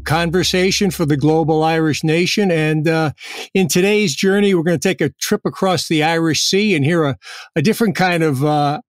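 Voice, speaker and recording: Higher-voiced upbeat podcast host. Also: male voice, no room sound, clean studio sound. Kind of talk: podcast introduction.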